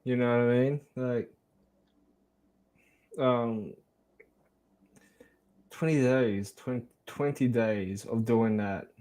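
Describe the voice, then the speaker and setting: Man, mid-pitched voice, podcast co-host, casual, swears a lot, rambling. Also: fairly even intonation, slow, long pauses, warm tone. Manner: swears freely, loose and rambling.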